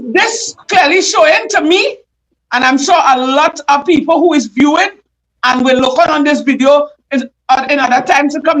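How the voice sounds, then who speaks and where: A woman's voice: high voice, poor audio. A woman with a Trinidadian accent hosting a livestream, emotional and fired up, often raising her voice as she speaks out. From Trinidad and Tobago. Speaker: livestream host. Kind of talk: impassioned live commentary.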